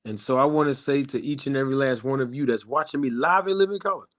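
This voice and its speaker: A man's voice: mid-range voice, a bit bright. Emphatic man hosting a live stream. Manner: emphatic and repetitive, addressing viewers directly; slows down for emphasis on key lines. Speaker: boxing YouTube channel host.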